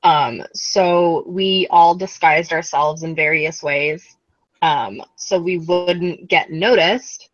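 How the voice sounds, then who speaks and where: A woman with a lowish voice recaps the last session of a tabletop game, wandering through her story with constant fillers. The sound is dry and a little muffled. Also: steady tone, slow, dry recording. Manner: rambling, lots of "um" and "like". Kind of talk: casual chat.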